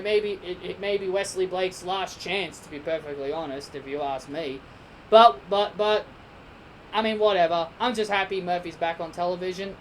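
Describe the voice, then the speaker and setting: A woman's voice: lowish voice, slight background noise, poor audio. A woman giving a casual spoken review of a wrestling show, rambling and opinionated, with frequent restarts and repeated words.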